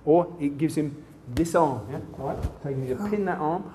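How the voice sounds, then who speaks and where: A man's voice: a little high, normal speed, warm tone, slight background noise. A man instructing a martial arts seminar, demonstrating moves in punchy bursts and checking in with "yeah?" after each point.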